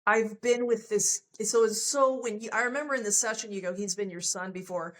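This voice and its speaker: A woman's voice: medium pitch, moderate pace, fairly bright tone. Candid woman telling a personal story. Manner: candid, emotional, quotes others in dialogue. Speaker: podcast guest.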